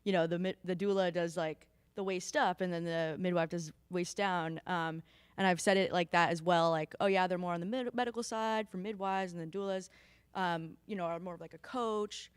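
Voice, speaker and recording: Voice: mid-range voice, fairly even intonation, normal speed, clear, resonant tone, no room sound. A clinic outreach worker speaking casually at a community panel, with frequent fillers. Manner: casual and chatty, with many fillers.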